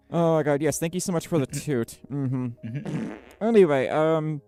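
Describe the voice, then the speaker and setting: A woman's voice: sits low, expressive, measured pace, warm tone, faint music behind. Bubbly, giggly woman streamer. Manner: bubbly, giggly, reads chat aloud with many fillers. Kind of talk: casual livestream chat.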